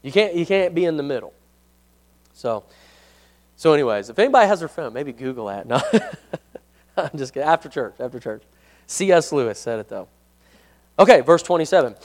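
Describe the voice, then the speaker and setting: A man's voice: fairly high pitch, lively intonation, moderate pace, long pauses. A man leading a casual Bible study for a congregation, chatty and self-deprecating, often asking the room questions and reading verses aloud.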